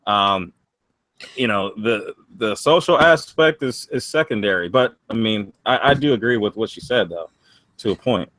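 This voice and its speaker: A man's voice: on the low side, animated, fairly bright tone, dry recording, rough recording. A man co-hosting a sneaker podcast, talking hesitantly and restarting his phrases. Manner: hesitant, halting. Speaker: podcast co-host. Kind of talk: casual chat.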